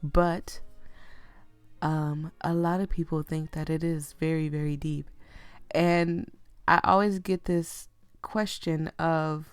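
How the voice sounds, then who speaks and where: A young woman with a deep, low voice and a slight lisp talks through a story game in a loose, chatty way. She speaks unhurriedly, and the sound is dry and close to the mic. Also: little pitch movement, slow, smooth, no echo. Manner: chatty, laughs often, ranting. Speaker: game streamer. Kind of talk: casual let's play commentary.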